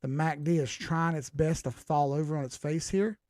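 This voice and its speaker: A man's voice: on the high side, fairly even intonation, normal speed, a little mellow, no echo, studio quality. A man hosting a live stream, going over charts in casual talk, blunt and combative as he answers his viewers directly. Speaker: crypto live-stream host.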